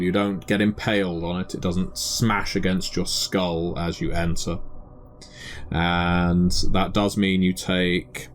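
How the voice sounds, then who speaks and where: A man narrating a tabletop game as game master, describing scenes in a measured way with the odd filler. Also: sits low, a little hiss or hum.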